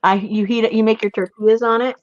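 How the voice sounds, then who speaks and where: A woman's voice: on the high side, fairly even intonation, fast, dull audio. A woman hosting a casual craft livestream, chatty and laughing often at her own mess.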